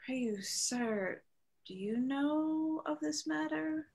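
A woman reading a timid young woman disguised as a page in a Zoom play reading, hesitant and measured. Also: sits high, expressive, vocal fry, darkish tone, heavily acted. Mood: anxious. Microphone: video call.

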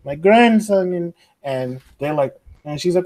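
A man's voice: on the high side, normal speed, a little mellow. A man with a New York accent, co-hosting a podcast and telling a long story while acting out other people's voices. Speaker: podcast co-host. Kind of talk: animated storytelling.

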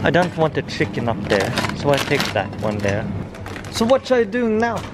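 A man's voice: fairly high pitch, wildly swooping pitch, normal speed, heavy background noise. A man taking over someone's vlog, chatting casually in a goofy, crude way with lots of swearing. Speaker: guest vlogger taking over the channel.

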